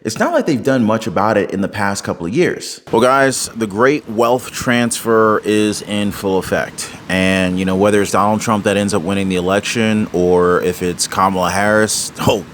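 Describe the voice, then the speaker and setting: A man's voice: lowish voice, normal speed, few pauses, fairly bright tone, slight background noise. A man giving casual political commentary to his viewers, chatty and direct. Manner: chatty, addresses viewers as guys.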